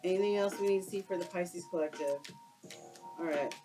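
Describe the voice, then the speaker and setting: A woman's voice: fairly low pitch, brisk, over music, rough recording. A woman doing a casual tarot card reading for her viewers, exclaiming and using slang as she turns the cards. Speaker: tarot reader.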